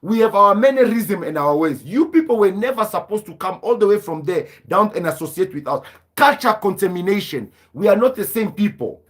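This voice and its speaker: A man's voice: high-pitched, animated, a little fast, fairly bright tone. A man hosting a live stream, lecturing in a combative, repetitive rant. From southern Africa. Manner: combative, lecturing, repeats himself for emphasis.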